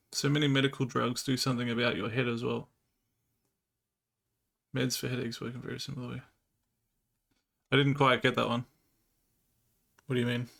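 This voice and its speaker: A man's voice: mid-range voice, gravelly, a bit bright. A man livestreaming and chatting casually, telling crude, laughing anecdotes and answering chat.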